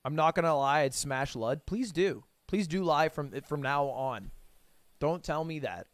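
A man's voice: on the high side, animated, measured pace, dry recording, studio quality. A man in his twenties streaming, chatting casually with viewers, reading their messages aloud and answering with profane, sarcastic jokes. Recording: faint music behind.

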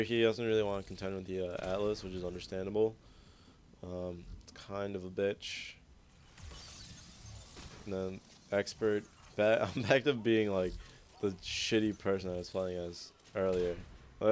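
A man's voice: fairly low pitch, clear, resonant tone. A young man giving rambling gameplay commentary over a recorded match, swearing often and mocking his own play.

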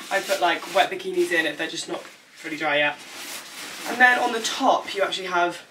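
A woman's voice: lowish voice, very animated, normal speed, far from the mic, background noise. A young woman chatting casually through a packing vlog, rambling with lots of fillers. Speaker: vlogger.

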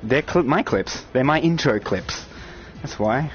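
A man giving excited live-stream commentary on a VR shooter, chatting with viewers and breaking into loud outbursts. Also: mid-range voice, measured pace, breathy edge. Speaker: VR game streamer. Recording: dull lo-fi stream audio with game music and gunfire. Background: game music and gunfire.

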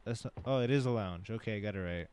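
A man hosting a gaming channel, talking casually through a horror game with loud jumpy reactions and jokes. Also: on the low side, fast, clear, resonant tone.

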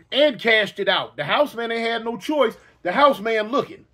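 Animated high-voiced male storyteller. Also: moderate pace. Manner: animated, repetitive, with sound effects. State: hiccups. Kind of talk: casual storytelling.

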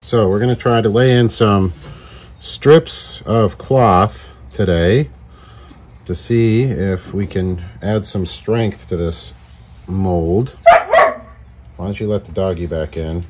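A man's voice: lowish voice, slow, darkish tone, a little hiss or hum. A man hosting a casual do-it-yourself lure-making video, joking around with playful wordplay. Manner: jokey, goofy wordplay. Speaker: host making fishing lures. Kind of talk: casual DIY tutorial.

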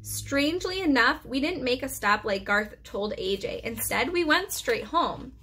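A woman preschool teacher reading a children's chapter book aloud for her class. Her voice is bright and a little high, telling the story expressively. She trips over a word now and then and corrects herself. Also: a little slow, breathy edge. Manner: expressive storytelling with occasional stumbles.

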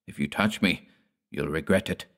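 A sinister old patriarch back from the mountains, voiced by a male narrator, speaks in a hollow, cold, menacing tone. His voice is very deep. It suits a dark gothic storybook. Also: moderate pace. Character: sinister old man returned, stern and hostile.

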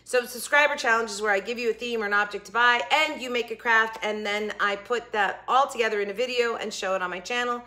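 A middle-aged woman hosting a casual food review vlog, chatty and jokey, with quick asides that sometimes drop to a whisper. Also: on the high side, sharp tone. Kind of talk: casual chat to camera.

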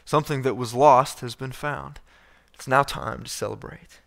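A man's voice: mid-range voice, steady tone, moderate pace, vocal fry, a bit bright. A male pastor preaching a conversational sermon, reading scripture and acting out the quoted speakers, with frequent restarts.

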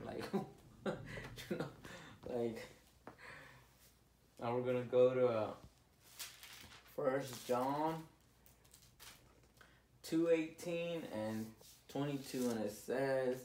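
A man preaching an informal sermon, earnest and repetitive, with his voice rising loud on key words. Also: medium pitch, unhurried, roomy sound, slight background noise.

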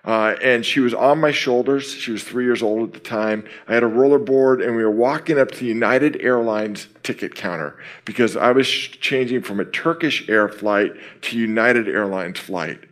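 A middle-aged man giving a sermon at a camp, opening in prayer and then telling a personal story with lively quoted dialogue. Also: medium pitch, moderate pace, hardly any pauses. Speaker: camp speaker.

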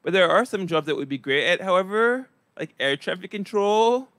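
Man, stand-up comedy, deadpan monotone, slightly high voice, dry sound. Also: normal speed, no echo.

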